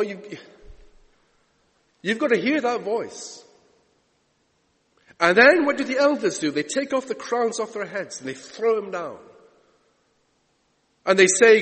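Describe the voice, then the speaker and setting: A man's voice: high voice, fairly bright tone. A man preaching a sermon with a dramatic delivery, stretching out key words. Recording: long echoey church reverb.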